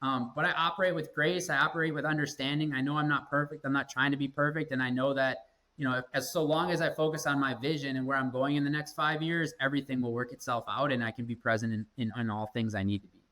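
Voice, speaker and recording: This thirty-something executive talks in a casual interview with earnest energy, repeating points to drive them home. His medium-pitched voice is steady, quick, pushed, and bright. Audio quality is poor.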